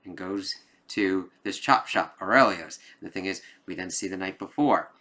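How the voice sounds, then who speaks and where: A man's voice: low-pitched, moderate pace, sharp tone. A man giving a casual spoken movie review, rambling with lots of fillers and occasional emphatic cursing. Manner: rambling, loose, lots of "like" and "kind of". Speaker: film reviewer.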